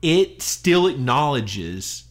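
A man co-hosting a podcast in casual chat, animated, with frequent laughs and stumbling restarts. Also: mid-range voice, drawn-out words. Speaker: podcast co-host.

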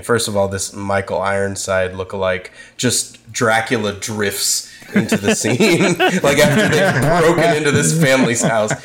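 A man co-hosting a podcast, talking casually with lots of fillers while a bit sick. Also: fairly low pitch. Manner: chatty, many fillers, laughs often. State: sick with a cold. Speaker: podcast co-host. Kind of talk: casual chat.

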